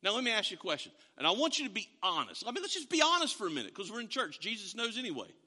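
Middle-aged man, pastor preaching, high voice, very bright tone, storytelling with acted lines, long church reverb. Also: wildly swooping pitch, rapid-fire. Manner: storytelling preacher, acts out dialogue, asks the congregation questions. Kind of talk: sermon. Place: church hall.

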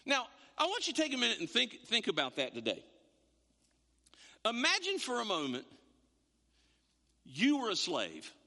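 A man preaching a sermon as pastor, animated, repeating words and acting out quotes. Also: very high voice, moderate pace, vocal fry, long pauses. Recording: long hall reverb.

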